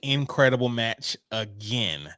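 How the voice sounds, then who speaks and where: A man's voice: mid-range voice, expressive, a little slow, bright, forceful tone, no room sound, clean studio sound. A man co-hosting a casual wrestling podcast, chatting loosely and breaking into hyped announcer-style bursts. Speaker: podcast co-host.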